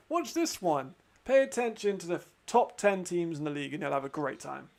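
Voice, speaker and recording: A man with a high voice calls an American football game as he watches it. He is excitable, quick to laugh and swears freely, moving between play calls and loose chat. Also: creaky. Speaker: football watch-along host. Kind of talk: excited live commentary and chat.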